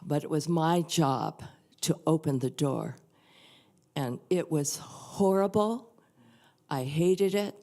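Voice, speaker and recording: An older woman reading a prayer and then sharing a personal story at a church service, soft and earnest. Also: low-pitched, takes it slowly, pauses often. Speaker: guest reader at a church service. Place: church sanctuary.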